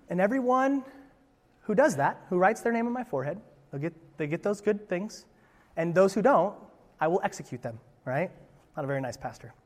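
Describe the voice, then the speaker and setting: A man's voice: high-pitched, lively intonation, a little fast, darkish tone, in a large hall. A man preaching as pastor, reading scripture and breaking into playful, conversational asides. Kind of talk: sermon.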